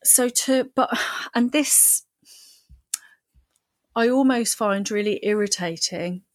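A woman's voice: fairly high pitch, slow, dry recording. A woman co-hosting a podcast, chatting casually and animatedly, with playful voices for quoted thoughts. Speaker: podcast co-host. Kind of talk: casual chat.

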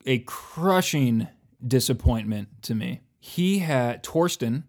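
A man's voice: medium pitch, animated, takes it slowly, a little mellow. A man from the United States co-hosting a casual chat show, joking, swearing and mocking himself. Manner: self-mocking, profane, joking. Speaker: podcast co-host.

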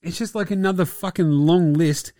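A man's voice: sits high, moderate pace, warm tone, no echo, studio quality. A young adult man hosting a casual basketball podcast, crude and sarcastic, swearing and laughing often. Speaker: podcast host.

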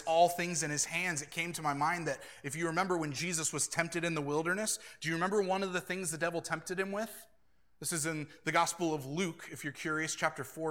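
A pastor delivers a sermon with a bright, forward voice that sits a little high for a man. He preaches earnestly, switching into animated quoted voices and breaking into easy laughter.

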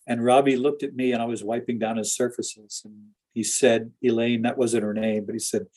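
Husky-voiced pastor telling earnest stories. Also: male voice, medium pitch, flat delivery, normal speed, a little mellow. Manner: earnest, anecdotal, with laughs and restarts. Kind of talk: storytelling in an interview.

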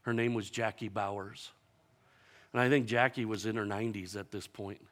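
A male pastor with a bright, forceful voice preaches with slow, emphatic repetition. He tells stories in an animated way, and his pitch and volume jump sharply when he acts out other people's lines. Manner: animated storytelling, acting out quoted voices with big jumps in pitch and loudness. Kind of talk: sermon.

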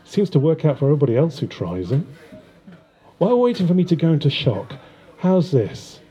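A man's voice: a little high, very animated, a little fast, warm tone, slightly rough, pitched above the performer's own voice, full character voice. A man voicing a wounded male killer who taunts the detectives with wry amusement. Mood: mocking.

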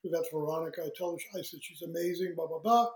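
A man with a high-pitched voice tells a story as an interview guest, slipping into other people's voices and laughing as he goes. The room around him is echoey. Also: very fast. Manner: animated storyteller who acts out quoted voices, laughs often. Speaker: guest, singer.

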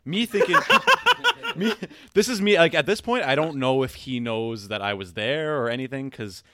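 Young guy hosting a podcast, lively bright voice, dry close sound. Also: mid-range voice, normal speed, dry recording. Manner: animated, laughing storyteller. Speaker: podcast host. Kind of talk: casual storytelling chat.

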